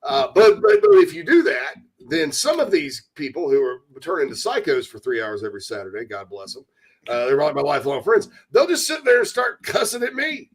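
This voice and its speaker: A man hosting a casual sports talk radio show from the American South, chatty and animated, slipping into mock voices. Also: medium pitch, fairly quick, breathy edge. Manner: animated, breaks into loud mock voices and laughter.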